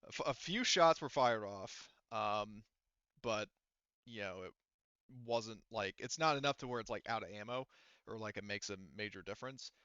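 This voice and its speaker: A man's voice: on the low side, moderate pace, pushed and bright, smooth, no echo, muffled recording. A man running a tabletop game as game master, rambling through his descriptions with lots of fillers and restarts.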